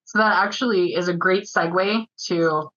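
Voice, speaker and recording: A woman's voice: lowish voice, a bit bright, dull audio. A woman co-leading a user group, giving an upbeat, chatty webinar presentation on a video call. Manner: chatty, quick-talking, upbeat explainer.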